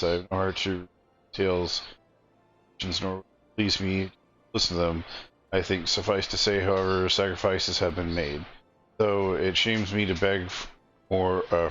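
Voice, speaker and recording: A man's voice: low-pitched, fairly bright tone, highs cut off. A man voicing a weary refugee leader who begs formally for supplies. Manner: formal, old-fashioned, pleading.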